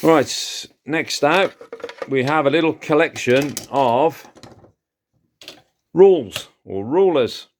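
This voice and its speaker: A man's voice: on the high side, expressive, takes it slowly, pauses often, slight background noise. A man who hosts a vlog and chats with enthusiasm as he shows off his antiques haul, with frequent fillers. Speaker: antiques seller and channel host. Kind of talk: casual haul vlog, showing items.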